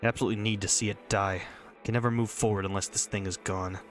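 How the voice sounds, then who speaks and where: A man's voice: on the low side, fairly even intonation, fast talker, lightly acted. A man reading a visual novel, voicing a stubborn young girl's intense first-person inner monologue. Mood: obsessive. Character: Michelle, furious stubborn young girl.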